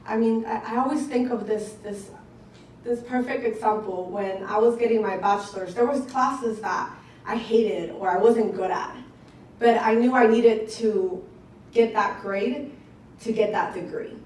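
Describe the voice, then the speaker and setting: Excited woman speaking in an echoey hall. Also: on the high side, a little slow, a little hiss or hum. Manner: excited, conversational, addresses the audience directly. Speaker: speaker at a business event. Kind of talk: motivational testimonial speech. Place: event hall with an audience. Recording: echoey room picked up from a distance.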